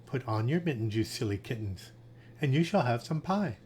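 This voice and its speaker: A man's voice: medium pitch, lively intonation, normal speed, a little mellow, slight background noise, close to an everyday voice. A man voicing a stern mother cat in a storybook reading, scolding her kittens.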